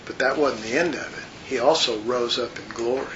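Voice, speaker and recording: A man's voice: mid-range voice, normal speed. A man teaching a Bible study in an earnest, rambling, conversational way, talking to his listeners as folks. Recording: muffled lo-fi recording with faint hiss.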